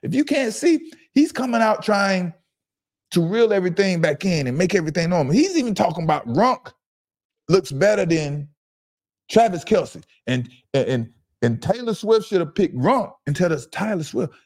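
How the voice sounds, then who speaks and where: Emphatic, animated man talking sports. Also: high voice, normal speed. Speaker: podcast co-host, former football player. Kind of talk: casual sports talk.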